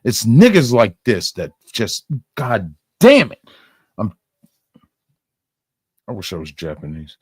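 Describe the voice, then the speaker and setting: Slow, angry, swearing man. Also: lowish voice, wildly swooping pitch, slightly rough, no room sound, studio quality. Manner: angry, heated, swearing constantly. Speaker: commentator reacting to clips. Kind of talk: profane reaction rant.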